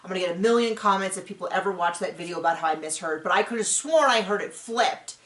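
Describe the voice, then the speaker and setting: A woman hosting a casual recap chat, telling stories in an animated way with lots of "like". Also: medium pitch, fast. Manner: animated storyteller, frequent "like". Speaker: podcast host. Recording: roomy echo.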